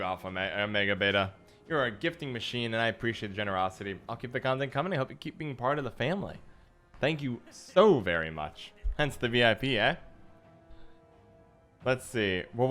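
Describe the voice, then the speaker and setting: A man's voice: mid-range voice, fairly bright tone. Chatty man streaming a card game. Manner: chatty, musing, self-deprecating. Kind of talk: casual livestream chat while gaming.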